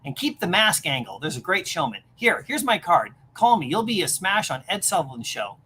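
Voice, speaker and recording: A woman's voice: on the low side, big pitch swings, moderate pace, bright, forceful tone. A woman voicing a male TV producer in a comic reading, speaking in an effusive, salesy way. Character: fast-talking male TV producer.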